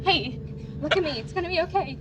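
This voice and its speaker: A woman's voice: very high voice, lively intonation, fast, background noise. An actress playing a distraught woman who urgently comforts a dying man, pleading and soothing. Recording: TV episode audio under music. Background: dramatic score.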